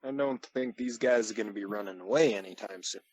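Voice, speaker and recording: A man's voice: on the low side, fast, a little mellow, slightly rough, dry recording, poor audio. Male player, casual in-character talk, dry mic. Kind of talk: in-character tabletop play.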